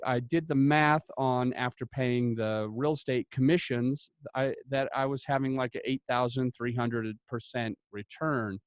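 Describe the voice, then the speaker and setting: A man from Utah, a podcast guest telling his story in a casual, animated way. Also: mid-range voice, unhurried, no room sound. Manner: animated, chatty, many "like" fillers.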